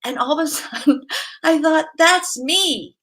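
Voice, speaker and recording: A woman's voice: sits high, measured pace. A woman who works as a massage therapist, a guest chatting casually, telling stories with laughs and acting out quoted voices. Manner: lively storyteller, laughs often, acts out quotes. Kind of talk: casual interview chat.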